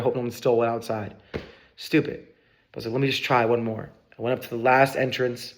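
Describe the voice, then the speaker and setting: A young man recounts a wild story in a casual storytime vlog, swearing freely and jumping into quoted voices. His pitch sits in a middle male range, and his talk rushes ahead with excitement. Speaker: vlogger.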